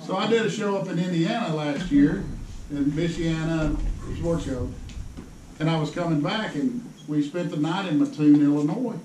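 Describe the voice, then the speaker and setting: A man's voice: fairly high pitch, normal speed, a little mellow. A man telling rambling, laughing stories to a crowd at a tackle show seminar. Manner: folksy, rambling, laughs often. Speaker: fishing pro giving a seminar. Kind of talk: casual storytelling to a crowd. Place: indoor tackle show hall. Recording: echoey hall, distant mic, crowd noise.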